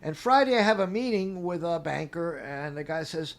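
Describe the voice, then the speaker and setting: An interview guest, a middle-aged man with a voice on the high side, tells a long personal story casually at a moderate pace. He's animated, acting out what people said and laughing along the way.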